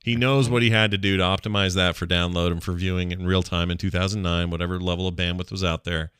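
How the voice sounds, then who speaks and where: A man's voice: low-pitched, steady tone, fast, a bit bright, clear, resonant tone, dry recording, clean studio sound. A man hosting a podcast, casually joking about a movie as he plays clips from it. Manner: jokey, plays clips and riffs on them. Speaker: podcast host. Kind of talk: casual movie-riffing chat.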